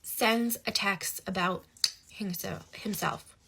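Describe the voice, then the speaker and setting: A young woman telling a personal story in casual conversation, animated, swinging between hushed asides and loud outbursts. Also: mid-range voice, takes it slowly, vocal fry, slight background noise.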